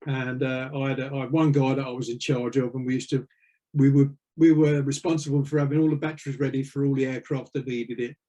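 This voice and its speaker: A man's voice: mid-range voice, flat delivery, fast talker, mellow. An older man, a retired navy veteran, telling rambling anecdotes with lots of fillers in an interview. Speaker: interview guest. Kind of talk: casual storytelling.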